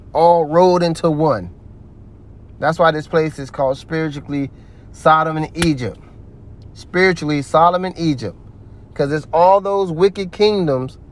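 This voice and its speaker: Profane, preachy man with slightly high voice. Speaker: religious commentator. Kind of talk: heated religious commentary.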